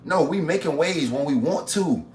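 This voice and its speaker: Cooking live at home, this man speaks at a moderate pace with an animated, fairly high voice of darkish tone, plus slight background noise. He addresses his chat upbeat and preachy, repeating phrases, as a cooking and motivation streamer, and the roomy kitchen has faint ambience.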